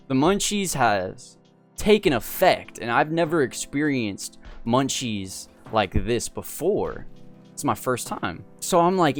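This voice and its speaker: A man spins a casual personal story in a slangy, animated, laid-back voice, his pitch sitting in an ordinary middle range. Faint music plays softly behind him. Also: measured pace. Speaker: storyteller host.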